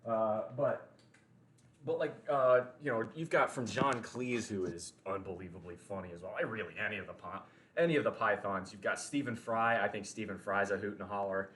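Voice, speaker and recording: A man's voice: fairly low pitch, a little fast, fairly bright tone, low-quality recording. Joking Southern American man streaming. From Deep South of the US. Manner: joking, teasing, reading chat aloud. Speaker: livestreamer. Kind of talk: casual livestream chat.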